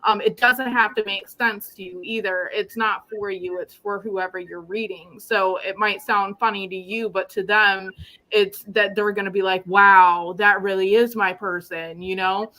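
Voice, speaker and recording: A woman reading tarot cards aloud and gently giving advice. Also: mid-range voice, steady tone, moderate pace, low-quality recording. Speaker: tarot reader. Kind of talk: live group reading.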